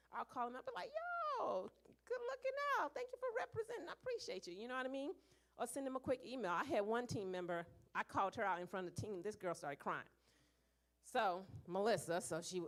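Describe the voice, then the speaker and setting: A young woman with a mid-range voice speaks at a church leadership meeting in a lively, animated way, acting out little voices within her stories.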